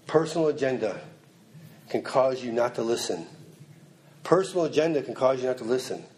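A man's voice: medium pitch, animated, a little fast, darkish tone, slight background noise. Man preaching with emphatic repetition. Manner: preaching with emphatic repetition, acting out quoted lines. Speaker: pastor. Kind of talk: sermon.

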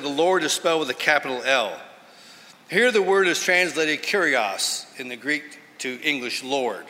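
A man's voice: a little high, pushed and bright. A man teaching from the Bible in an earnest, emphatic sermon style. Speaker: preacher. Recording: hall reverb.

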